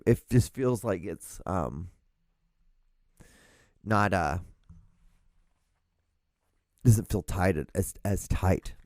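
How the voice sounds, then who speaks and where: A young man hosting a podcast, ranting alone in a small room, swearing constantly and mocking people with quick put-on voices. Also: mid-range voice, darkish tone, dry recording. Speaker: podcast host. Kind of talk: profane ranting monologue.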